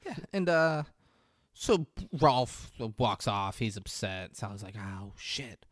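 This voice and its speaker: A man's voice: on the low side, expressive, slow, a bit bright, no room sound, clean studio sound. A man co-hosting a podcast, casually retelling a film scene and acting out the characters' lines with laughs. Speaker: podcast co-host.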